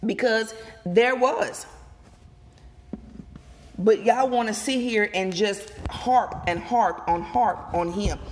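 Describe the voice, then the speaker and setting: A woman vlogger delivers casual opinion commentary outdoors, speaking straight to her viewers. Her delivery is emphatic and animated, with frequent repetition for effect. Her voice sits at an ordinary middle pitch. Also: slow pace, long pauses. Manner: emphatic, animated, repeats and addresses viewers directly. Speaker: gossip vlogger.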